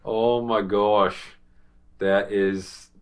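A man with a very low voice and a Boston accent, chatting casually about a TV show with his podcast co-host. He talks haltingly, with lots of fillers and restarts along the way. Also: little pitch movement, clear, resonant tone. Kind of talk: casual TV review chat.

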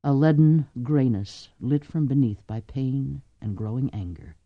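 A man reading an audiobook with expressive narration. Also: mid-range voice, a little slow, dry recording, dull audio. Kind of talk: scripted narration.

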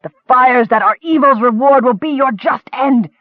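A man voicing a fanatical human centurion who shouts curses, heard through a thin, phone-like recording. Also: very high-pitched, expressive, moderate pace, husky, no room sound, exaggerated voice. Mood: cursing. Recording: thin phone-like dry audio.

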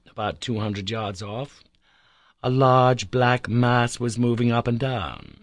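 Male narrator, storybook reading, measured and suspenseful, mid-pitched voice, dry close recording. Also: fairly even intonation, dry recording. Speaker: audiobook narrator.

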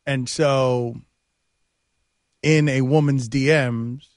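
A man's voice: mid-range voice, steady tone, extremely slow, no room sound, studio quality. A man hosting a sports talk radio show, telling stories animatedly and laughing at his own bits. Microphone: studio mic.

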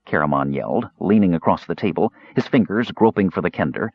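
A man narrating a fantasy audiobook in an expressive storytelling manner. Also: low voice, fairly quick, hardly any pauses, husky, no echo, dull audio.

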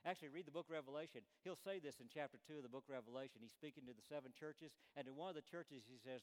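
A man's voice: medium pitch, racing, few pauses. Preacher, male, mid-range voice, dynamic sermon delivery with a long hall tail. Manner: dynamic, swings between emphatic peaks and hushed quoted lines.

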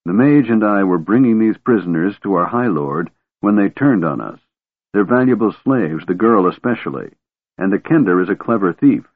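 A man voicing a big, gruff male warrior who gives commands, in an audiobook. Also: on the low side, lively intonation, normal speed. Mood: scheming. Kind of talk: audiobook character voice. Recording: narrow phone-like audio.

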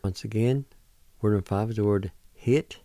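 This man, hosting a radio language lesson, speaks at a moderate pace in a fairly low voice with no echo. He sounds out every syllable, spells words out one letter at a time, and patiently urges learners to keep going.

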